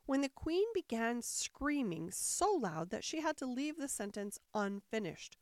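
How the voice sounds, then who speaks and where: Expressive woman narrator for a storybook; higher voice, very lively, recorded dry and close. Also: normal speed, few pauses, dry recording. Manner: expressive, shifting into character voices. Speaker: audiobook narrator. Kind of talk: storybook reading.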